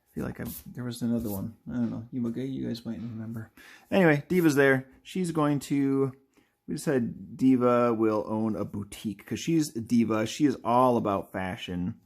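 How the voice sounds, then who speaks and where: A man's voice: medium pitch, moderate pace, gravelly, darkish tone. Rambling, playful man drawing and chatting. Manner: rambling, self-correcting, playful. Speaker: artist and video host. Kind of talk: casual chat while drawing live.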